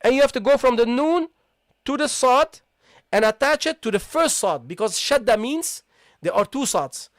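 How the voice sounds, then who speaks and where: A man teaching a live online recitation lesson. He explains step by step, repeats sounds slowly and keeps checking with "okay, guys?". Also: very high voice, expressive, no echo, clean studio sound.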